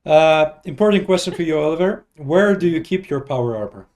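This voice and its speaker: A man's voice: a little high, lively intonation, fairly quick, a little mellow. A man hosting a developer stream, asking questions in a casual, hesitant way with many fillers. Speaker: stream host.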